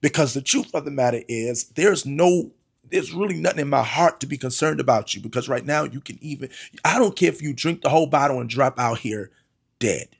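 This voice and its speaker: A man's voice: mid-range voice, a little fast, creaky, slightly rough. A middle-aged man, a pastor, earnestly telling a personal testimony, often repeating words and calling listeners "y'all".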